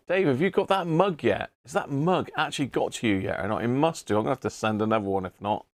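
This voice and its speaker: A middle-aged British man with a gravelly edge to his voice, chatting casually as he hosts a live stream. He greets viewers one by one and chuckles often. The sound is dry and close, with no room echo. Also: medium pitch, fairly quick. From Britain. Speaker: live-stream host, radio restorer.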